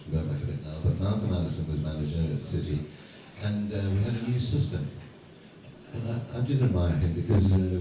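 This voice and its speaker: A man on stage as a guest speaker, bantering with the audience and telling rambling, self-mocking anecdotes. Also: fairly low pitch. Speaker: guest speaker at a fan event. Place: large hall before a live audience. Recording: echoey hall, distant mic, noisy.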